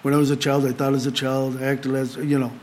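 A middle-aged man preaching a sermon as a pastor to a small group, earnest, rising to emphatic lines and dropping to quiet asides. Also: mid-range voice, little pitch movement, fast talker, a little hiss or hum.

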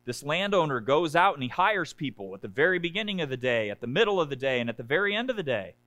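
Speaking quickly in a sing-song, bright, forceful voice, this male pastor preaches to his congregation in a conversational style. He keeps asking "right?" and imitates whiny complaints in a high pitch, with no room sound on the recording.

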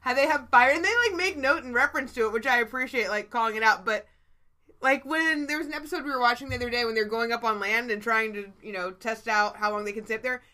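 A woman co-hosting a relaxed chat show, talking loosely and swearing without a second thought. Her voice sits a little high and sounds bright and clear. She laughs easily between points. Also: quick pace. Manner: chatty, swears freely, laughs often. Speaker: podcast co-host. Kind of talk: casual chat.

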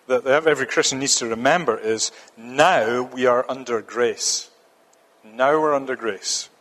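A man's voice: mid-range voice, a bit bright. A man preaching a sermon, earnest and emphatic, often repeating a phrase for stress. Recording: long reverb of a church hall.

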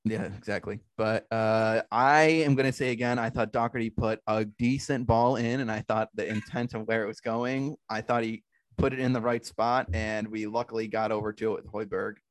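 A man's voice: on the low side, level tone, moderate pace, dry recording. Laid-back man hosting a sports podcast. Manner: laid-back, rambling match recap. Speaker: podcast host. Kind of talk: casual sports podcast chat.

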